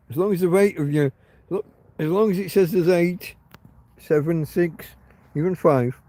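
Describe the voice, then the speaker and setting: A man's voice: a little high, mellow. A man from England casually chatting with his livestream audience from home, rambling and swearing, trailing off with ums, with hiccups. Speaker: livestream host.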